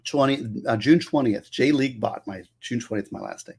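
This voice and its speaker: A man who works as a public defender tells stories about his career in casual, animated talk, acting out the voices of the people he quotes. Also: medium pitch, brisk, creaky, husky. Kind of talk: casual storytelling monologue.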